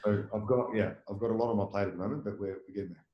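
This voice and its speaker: A man runs through his points at a rapid clip, full of fillers and restarts, often tagging them with "right?". His voice sits a little low. It is recorded in an echoey room. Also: dull audio, noisy background. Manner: fast, rambling, many fillers and restarts, tags "right?". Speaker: marketing agency owner, guest. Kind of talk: casual interview talk.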